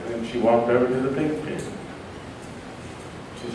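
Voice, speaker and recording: A man telling a folksy joke story to a live audience, deadpan with loose pauses. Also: mid-range voice. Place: large conference hall. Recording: echoey hall from far off, noisy.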